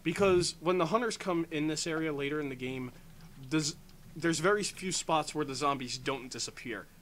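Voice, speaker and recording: A man playing a game with a friend, muttering to himself and breaking into loud outbursts. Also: on the high side, moderate pace, a little hiss or hum. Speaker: co-op gaming commentator. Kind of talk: casual gameplay chat.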